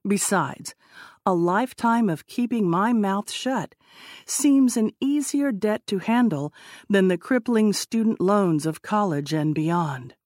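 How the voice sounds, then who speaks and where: A woman voicing an eccentric, excitable young male intern who rambles conspiratorially in an audiobook. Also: medium pitch, measured pace, no room sound, studio quality, close to an everyday voice.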